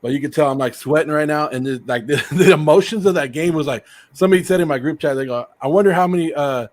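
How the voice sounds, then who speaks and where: A middle-aged American man hosting a casual livestream, rambling excitedly and sounding a bit sick and hoarse. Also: a little high, fast talker. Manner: excited, rambling, laughs often. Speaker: host.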